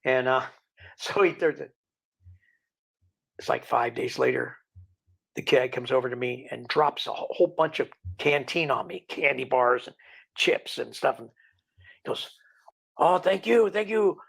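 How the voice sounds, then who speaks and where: A man's voice: medium pitch, steady tone, measured pace, gravelly, pauses often, a bit bright, slightly rough. A middle-aged man from the UK, a guest telling casual, rambling stories full of quoted dialogue. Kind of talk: casual storytelling.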